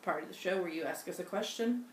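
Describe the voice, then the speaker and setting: A woman's voice: on the low side, quick pace. A middle-aged woman co-hosting a casual knitting podcast with her daughter, chatting in a rambling way with many fillers and restarts. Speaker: podcast co-host, mother. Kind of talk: casual chat. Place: home in Scotland. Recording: roomy echo, faint noise.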